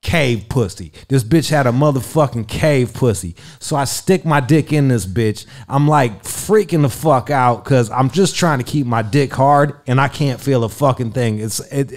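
A man telling a crude story in casual chat, swearing constantly and acting out quotes in a raised voice. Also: medium pitch. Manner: profane, animated, acts out quotes in a raised voice. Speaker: radio personality and interview guest.

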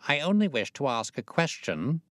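A man reading the part of a sharp, confident male detective, crisp and faintly amused. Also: a little high, big pitch swings, normal speed, no echo, studio quality, voice pushed up.

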